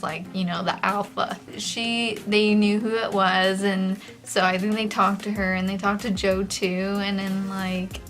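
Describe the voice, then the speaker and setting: A young woman vlogger of Mexican heritage, telling a casual storytime in a chatty, animated way with lots of "like" fillers. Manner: chatty and animated, full of "like" fillers, with quick jumps in pitch.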